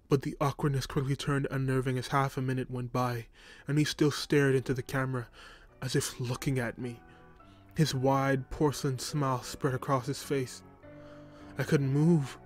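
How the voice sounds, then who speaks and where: With music playing beneath the entire reading, a man narrates a first-person horror story at normal speed. His pitch is typical for a man, and his voice stays flat and even, barely rising or falling.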